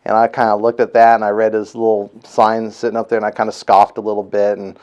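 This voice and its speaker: A man's voice: lowish voice, completely flat delivery, fast, a little mellow, clear, resonant tone, dull audio. A man casually telling the story of his colicky baby as a father's testimonial, rambling with many fillers and retelling what others said.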